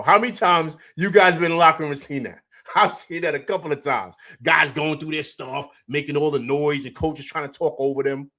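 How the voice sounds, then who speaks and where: On his casual live sports talk stream, the host chats loosely, laughs often, repeats himself and reads out comments from viewers. His medium-pitched voice is bright and forceful, fairly quick, with hardly any pauses.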